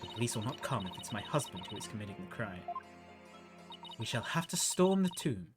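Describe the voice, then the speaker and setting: A man voicing a stern, imperious queen in a deep, slow, haughty reading of game dialogue. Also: very animated, music in the background. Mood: commanding.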